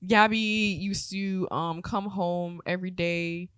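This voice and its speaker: Podcast co-host, woman, twenties. Lively storyteller who acts out quotes and swears often, recorded close and dry. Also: lowish voice, slow, smooth, no echo. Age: 20s. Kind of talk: casual chat.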